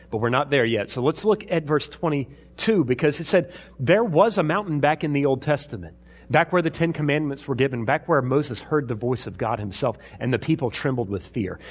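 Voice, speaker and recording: A man's voice: medium pitch, expressive, moderate pace. A man preaching a sermon in a conversational way, reading scripture aloud and explaining it. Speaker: pastor.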